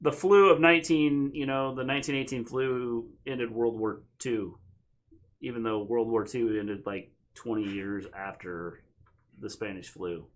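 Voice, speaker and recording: A man's voice: mid-range voice, steady tone, unhurried. A man co-hosting a casual wrestling talk stream, joking and reading comments aloud. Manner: joking, rambling, reads chat aloud. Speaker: wrestling podcast co-host. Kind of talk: casual chat on a live stream.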